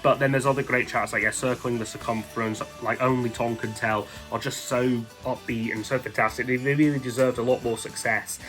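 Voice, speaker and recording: With music playing behind him, a man at medium pitch talks fairly quickly and almost without pausing, his intonation fairly even, as he ranks his favourite albums for his vlog. The casual countdown is rambling and eager, heavy on "like" and "um."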